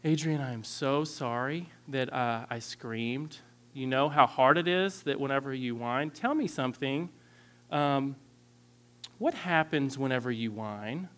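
A man voicing a patient mother gently explaining things to her small child. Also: mid-range voice, measured pace, natural voice. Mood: apologetic. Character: patient mother calmly talking with her toddler.

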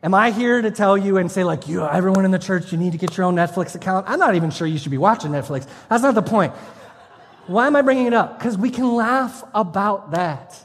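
High-voiced preacher in an echoing church. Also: male voice, animated, brisk, slight background noise. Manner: passionate, conversational preaching with humor. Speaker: pastor. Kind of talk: sermon. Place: church sanctuary. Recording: long hall reverb from a church room.

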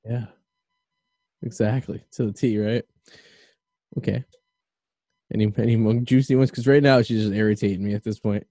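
Mellow-voiced man hosting a podcast. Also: fairly low pitch, fairly even intonation, normal speed, pauses often, dry recording. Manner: rambling, opinionated, with lots of fillers. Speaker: podcast host. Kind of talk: casual podcast chat.

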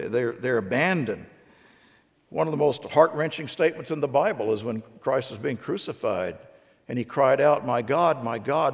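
A man's voice: mid-range voice, long reverb tail. A middle-aged man preaching a sermon as a pastor, asking his congregation one rhetorical question after another.

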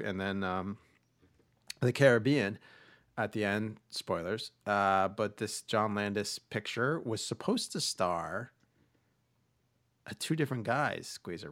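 Chatting casually about movies, this podcast host rambles along with many fillers and restarts. His voice is on the low side and a bit bright, and the clean studio sound has no echo.

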